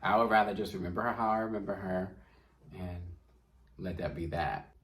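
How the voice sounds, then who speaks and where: A man's voice: deep voice, moderate pace. A man hosting a podcast, chatting casually and telling stories, laughing often. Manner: animated storyteller, laughs often. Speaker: podcast host. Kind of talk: casual chat.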